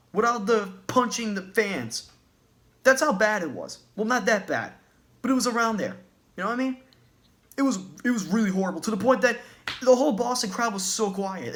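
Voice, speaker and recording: A basketball fan with a high-sitting, slightly bright voice rants in a sports vlog. He's agitated and profane, repeating himself as he goes.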